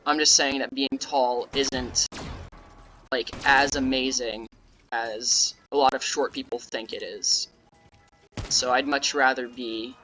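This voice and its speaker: Young guy rambling thru a zombies game, bright sharp voice, yells at the game now and then. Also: medium pitch, steady tone, slow, faint music behind, rough recording. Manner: rambling, offhand, with sudden yelled outbursts at the game. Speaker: gaming YouTuber. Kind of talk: casual gameplay commentary.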